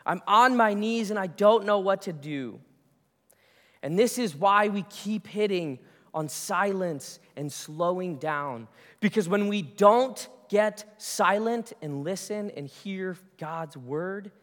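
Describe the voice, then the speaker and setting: A male pastor preaching a sermon in a conversational, storytelling way, often restarting his phrases. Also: high voice. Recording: long reverb of a large hall.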